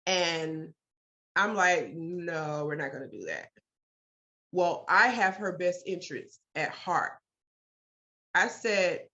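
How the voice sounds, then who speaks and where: A middle-aged woman, a mother, telling in an interview about a hard hospital stay, emphatic and animated, repeating herself when upset. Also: medium pitch, measured pace. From United States. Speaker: parent telling her story. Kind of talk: interview storytelling. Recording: dull lo-fi sound.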